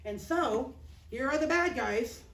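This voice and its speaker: High-voiced woman telling a Bible story. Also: slow. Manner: lively, playful, expressive. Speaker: children's Bible teacher. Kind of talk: animated Bible storytelling for children. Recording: roomy, distant mic.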